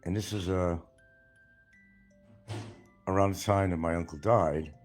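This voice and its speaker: A man's voice: low voice, steady tone, measured pace, faint music behind. An older man from New York with a mild New York accent, rambling bluntly and swearing freely in a casual monologue. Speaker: vlogger.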